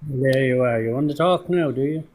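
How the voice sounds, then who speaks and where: A man's voice: mid-range voice, moderate pace, a little mellow. A man from Ireland with a strong Irish accent, calling into a live debate and pressing with rhetorical questions. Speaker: debate caller.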